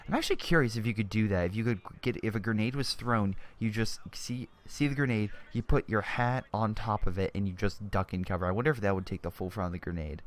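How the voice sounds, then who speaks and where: A man's voice: lowish voice, fast, few pauses. Chatty young male game commentator. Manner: chatty, exclamatory, often restarts mid-sentence. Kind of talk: casual strategy game commentary.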